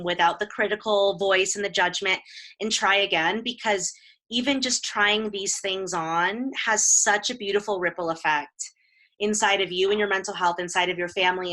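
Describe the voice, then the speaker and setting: Bright-voiced woman, encouraging counselor. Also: lowish voice, low-quality recording. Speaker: host and counselor. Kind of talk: casual interview chat.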